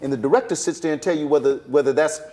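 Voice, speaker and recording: A middle-aged man with a Southern US accent, a stage director telling lively stories in a panel conversation and acting out the voices of the people in them. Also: on the high side, very fast, slight background noise. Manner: animated storyteller, acts out voices, Southern-flavored speech.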